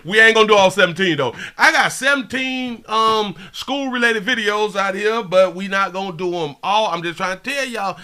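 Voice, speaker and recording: A man hosting a live stream, reading chat shout-outs in an excitable, slangy way with frequent laughs and repeated catchphrases. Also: high voice, moderate pace, few pauses, clear, resonant tone. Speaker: livestream show host.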